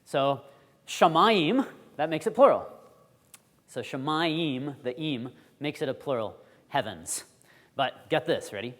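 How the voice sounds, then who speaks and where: A man teaching a Bible school class, quizzing the audience in a lively, chatty way. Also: medium pitch, unhurried, long reverb tail. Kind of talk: classroom lecture.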